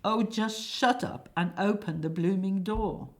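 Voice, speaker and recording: A woman voicing an exasperated, excitable man in a comic stage play, with shouty, irritated bursts. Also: mid-range voice, a little slow, lightly acted.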